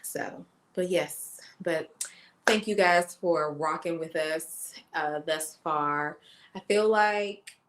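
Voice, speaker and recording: A woman's voice: low voice, slow pace. Chatty woman co-host telling a story. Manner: storytelling with lively quoted voices. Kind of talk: casual chat.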